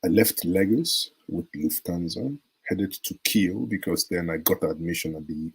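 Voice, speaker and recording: A man's voice: low voice, a little slow, creaky, a little hiss or hum, low-quality recording. A middle-aged Nigerian man with a Nigerian accent hosting a live-stream chat, reading viewer comments, laughing often and wandering into stories. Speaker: live show host.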